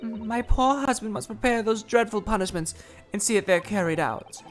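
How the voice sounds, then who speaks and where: A woman's voice: medium pitch, normal speed, faint music behind, natural voice. A woman putting on a fretful genteel Victorian wife. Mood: prim. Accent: put-on mix of Southern belle and British. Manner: prim, fretful and overly formal. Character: anxious genteel Victorian wife, middle-aged. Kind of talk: reading game dialogue aloud on stream.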